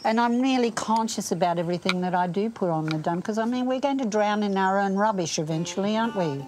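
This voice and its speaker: An older woman talking casually and warmly outdoors in a forest, gentle, heartfelt and enthusiastic. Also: medium pitch, fast, over music, poor audio. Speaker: interviewee. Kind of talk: casual conversation.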